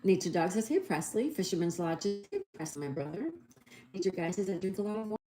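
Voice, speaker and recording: A woman with a lowish, lively voice talks fast as she hosts a casual livestream, cheerfully greeting viewers and reading their comments while doing a crossword. Music plays in the background of an echoey room with faint noise.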